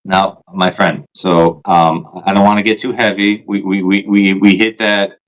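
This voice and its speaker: A man talks in a loose, casual way, cursing freely and ending his points with "right?" His voice sits a little low for a man. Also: flat delivery, unhurried, rough recording. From parents from Poland. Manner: loose, swearing, repeats "right?". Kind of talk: casual chat.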